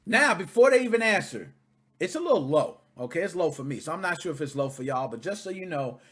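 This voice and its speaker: A man hosting a video reaction, talking casually in an animated, profane, indignant way. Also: a little high, quick pace, slight background noise.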